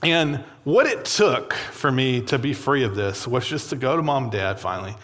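A man's voice: mid-range voice, lively intonation, moderate pace, a bit bright. Casual young man preaching in a reverberant hall. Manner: conversational storytelling with frequent fillers and laughs. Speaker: pastor. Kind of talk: sermon.

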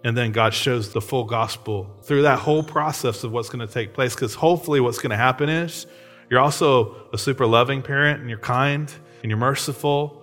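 A man's voice: medium pitch, fairly bright tone. A man in his thirties preaching a sermon in a conversational way, often checking in with his listeners. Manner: conversational, frequent tag questions. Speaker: pastor.

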